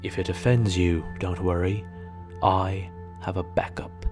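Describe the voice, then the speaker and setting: An actor playing a slow, soothing male meditation guide in a comedy sketch, with faint music underneath. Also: low voice, flat delivery. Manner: slow, soothing, mock-serene.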